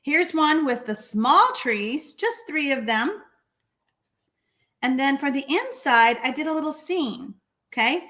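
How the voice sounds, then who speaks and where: A high-voiced Texan woman speaks slowly while teaching live card-making, chatty and eager, reading out comments from viewers between stamps.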